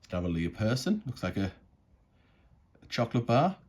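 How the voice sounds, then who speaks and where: A man's voice: mid-range voice, sing-song, a little fast, a little mellow, husky. A man musing aloud in a casual unboxing commentary, chatty and tripping over words. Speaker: coin collecting vlogger.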